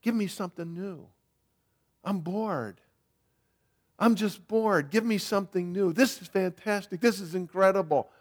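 A man mimicking bored listeners who crave novelty, muttering fast and whiny, much quieter than the sermon around it. The voice sits high, but it is tossed off under the breath. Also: big pitch swings. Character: bored churchgoers craving novelty.

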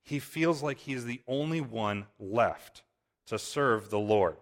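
Brief: male Bible teacher, explanatory tone, mid-pitched voice, tags points with "right?". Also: lively intonation, slow pace. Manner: explanatory, often adds "right?".

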